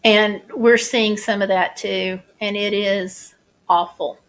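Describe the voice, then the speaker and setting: Casual female vlogger, halting and chatty, plain mid voice. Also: mid-range voice, fairly even intonation, a bit bright. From United States. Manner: chatty, halting, many restarts and fillers. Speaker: vlogger showing flood damage. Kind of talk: casual chat over photos.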